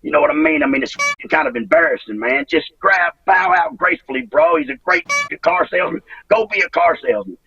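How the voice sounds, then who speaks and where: A husky, gravelly man in his fifties speaks haltingly, circling back over his words and swearing freely as his feelings rise. His pitch swings widely. The sound is dry, distant and muffled, like a remote call. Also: very animated, pushed and bright, dry recording. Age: 50s. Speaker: retired wrestler, interview guest. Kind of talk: emotional interview over a call.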